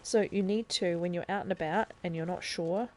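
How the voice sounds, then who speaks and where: A woman's voice: lowish voice, fairly quick. A woman streaming a video game live, chattily explaining the controls and thinking aloud as she plays. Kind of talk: casual live-stream gameplay tutorial.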